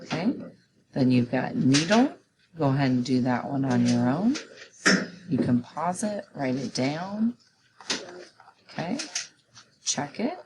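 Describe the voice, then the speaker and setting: A woman teacher with a low voice talks slowly and patiently through a recorded phonics lesson, guiding young students step by step. Clear background noise and clicks sit under her voice. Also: sing-song.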